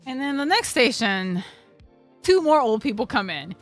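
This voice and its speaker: A young woman streamer rambles through a casual story in a slightly high voice, leaning on fillers and swearing freely. Faint music sits under her voice. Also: very animated, normal speed.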